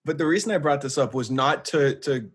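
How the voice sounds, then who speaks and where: A man's voice: medium pitch, a little fast, breathy edge. A man co-hosting a podcast, animatedly telling a story and acting out both sides of a phone call. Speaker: podcast co-host. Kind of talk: casual chat, storytelling.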